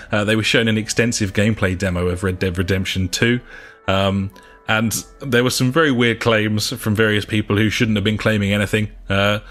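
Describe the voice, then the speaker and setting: A man's voice: lowish voice, fairly bright tone. A man, co-hosting a gaming podcast, reading news in a sarcastic, sweary way with lots of ums, recorded on a home laptop mic. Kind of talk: casual news chat. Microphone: home laptop and microphone.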